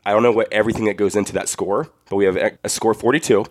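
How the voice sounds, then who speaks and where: A man's voice: on the low side, steady tone, rapid-fire, a little mellow, dry recording, clean studio sound. A man co-hosting a podcast in casual chat, upbeat and enthusiastic. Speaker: podcast co-host.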